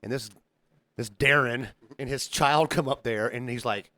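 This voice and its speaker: A man's voice: mid-range voice, normal speed, no room sound, clean studio sound. A man hosting a podcast, telling stories in a casual chat and acting out the people in them. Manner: animated storyteller, acts out the people in his stories. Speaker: podcast host.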